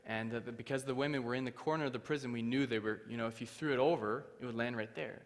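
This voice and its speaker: A man's voice: medium pitch, quick pace. Young guy preaching, acts out all the voices, long church echo. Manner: animated, acts out the voices in his story. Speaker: guest speaker. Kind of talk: storytelling testimony. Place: church hall.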